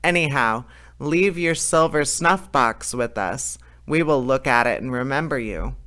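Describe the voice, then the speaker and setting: A man voicing a raven turned into a brave youth, speaking briskly. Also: mid-range voice, animated, bright, forceful tone.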